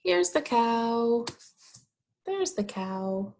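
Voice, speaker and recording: A woman teaching young children, asking questions about farm animals and answering them in a drawn-out, encouraging way. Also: fairly high pitch, sing-song, darkish tone, slight background noise. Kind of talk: slow, sing-song teaching of young children.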